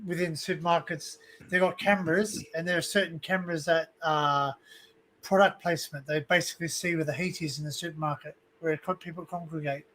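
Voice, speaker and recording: A man hosts a casual panel chat over a video call. His voice sits high for a man, and he tells stories in an animated way, cursing freely. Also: fairly quick, slight background noise. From Australia. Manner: animated storyteller, swears freely. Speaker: livestream host.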